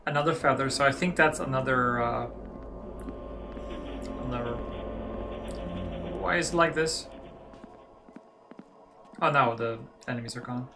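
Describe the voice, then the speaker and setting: A man's voice: mid-range voice, a little slow, gravelly, long pauses, over music. A man talking through a horror game, casual let's-play commentary with chatty asides to himself. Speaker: gaming channel host.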